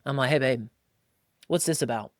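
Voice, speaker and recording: Recorded dry at studio quality, a man in his thirties speaks at normal speed in a medium pitch while hosting a casual podcast. His stories are animated and packed with acted-out quotes and casual slang, with "like" and "bro" coming up frequently.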